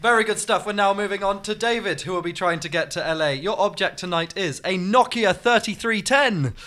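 A man's voice: high-pitched, fairly quick, background noise. A man hosting a comedy game, announcing rounds in a playful way. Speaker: game show host.

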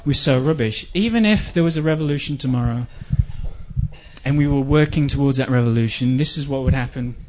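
A man's voice: mid-range voice, fairly quick, a little mellow. A male stand-up comedian doing a rambling routine full of stammered repeats, on a dull lo-fi live recording.

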